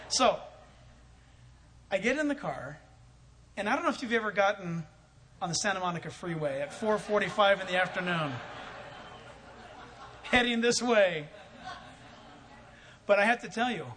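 A man's voice: high-pitched, fairly bright tone, a little hiss or hum. A man telling a story in a sermon as a pastor, acting out both sides of a conversation and chuckling often.

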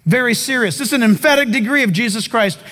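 A man with a very high voice preaches to his congregation in an emphatic, animated way, breaking into comic asides. His voice carries the long reverb of a large church sanctuary. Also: fast talker. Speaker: pastor. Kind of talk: sermon.

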